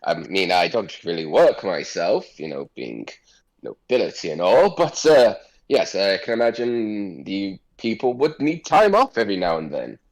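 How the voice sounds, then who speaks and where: Casting: man doing a pompous, smarmy noble flirt, low voice, flowery and courtly, swooping all over. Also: very animated, normal speed, full character voice, low-quality recording. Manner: flowery, courtly and overly polite.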